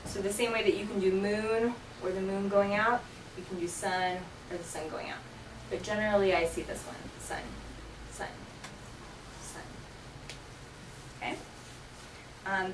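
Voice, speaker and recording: A woman's voice: mid-range voice, recorded from a distance. A woman teaching a sign language class, explaining vocabulary patiently and checking in with her students often. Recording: roomy classroom from afar, faint noise.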